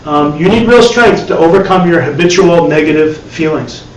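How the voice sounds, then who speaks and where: In this live dharma class, a male meditation teacher talks conversationally, repeating words and dropping wry asides. He speaks at a moderate pace with a fairly high pitch. A distant mic captures echoey room sound and faint hiss.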